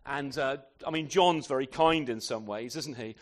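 A man's voice: mid-range voice, normal speed. A man preaching a sermon in a conversational way, often tagging his points with questions to the listeners. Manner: conversational, rhetorical tag questions.

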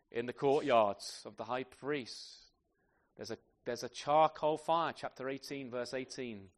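A man preaching a sermon to a congregation with children, asking tag questions and swinging from loud emphasis to soft, quiet phrases. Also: mid-range voice. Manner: animated, asks tag questions often.

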